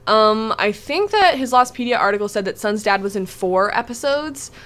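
A woman's voice: a little high, expressive, moderate pace, a bit bright. A woman hosting a casual podcast chat, talking in a chatty, enthusiastic way with lots of fillers. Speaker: podcast host.

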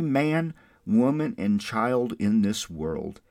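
Low-voiced pastor, dry close sound. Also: male voice, measured pace, no echo. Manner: swells from soft and mournful to loud and jubilant. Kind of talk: online Easter sermon.

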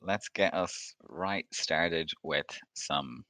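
A man running a tabletop game as game master, relaxed, laughing often and filling pauses with um. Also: a bass voice, dry recording.

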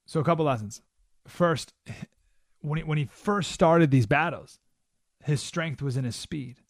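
Male radio host, slightly high voice, animated storyteller, close dry studio mic. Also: measured pace, no echo. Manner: animated storyteller, acts out quotes with jumps in pitch. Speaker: radio talk show host. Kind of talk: monologue on talk radio.

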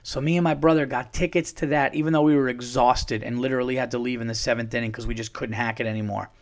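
Comedian guy from new york rambling through a story, swears a lot, keeps restarting, mid pitch. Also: fairly even intonation, fast talker. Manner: rambling, profane, with frequent restarts. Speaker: comedian, podcast host. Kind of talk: casual storytelling.

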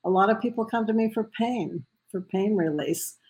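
A woman's voice: mid-range voice, normal speed, darkish tone, low-quality recording. A woman answering interview questions as a guest, hesitant and filler-heavy. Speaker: guest, medical intuitive.

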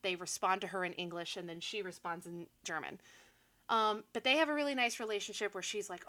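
A young woman talks through a film plot in loose, animated podcast chat. Her voice is bright and crisp, and she laughs often and drops sarcastic asides. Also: medium pitch, a little fast. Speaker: podcast co-host. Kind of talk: casual movie recap chat.

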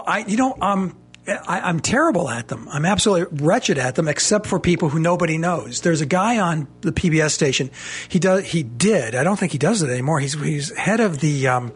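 A man chatting as a guest on a radio talk show, enthusiastic and quick to laugh. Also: on the high side, lively intonation, breathy edge.

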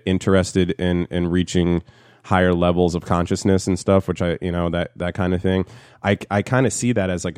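Fast-talking New Jersey man, low voice. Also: darkish tone, clear, resonant tone, no echo, studio quality. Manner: fast-talking, swearing, storytelling with impressions. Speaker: podcast co-host. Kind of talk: casual chat.

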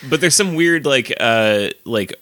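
A man with a bright, forceful tone jokes his way through a casual chat about a film. He laughs often between remarks. His voice sounds dry and close. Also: medium pitch, lively intonation, a little slow, no room sound.

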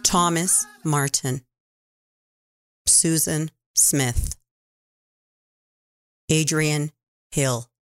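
A woman on a radio show reading a first-person poem in a slow, measured way, pausing between short phrases. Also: deep voice, no room sound, soft background music.

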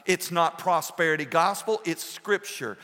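A male pastor preaching a passionate sermon, swinging between soft, low passages and loud bursts. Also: a little slow. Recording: long hall reverb.

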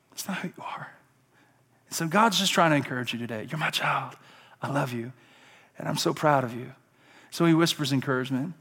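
A man, preaching a sermon as pastor, dropping to hushed tender stretches and rising to loud impassioned ones. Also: medium pitch. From Alabama.

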